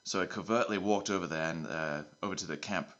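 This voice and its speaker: A man's voice: sits low, fast, fairly bright tone, muffled recording. A man voicing a bumbling male secret agent who keeps swapping between broad put-on accents, rambling through his mission report. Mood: hammy.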